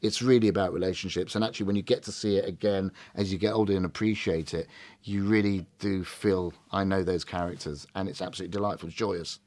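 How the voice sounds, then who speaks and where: A middle-aged British man with a deep voice talks fast as he reviews a film in casual conversation. He's animated, acting out quoted lines in a range of different voices.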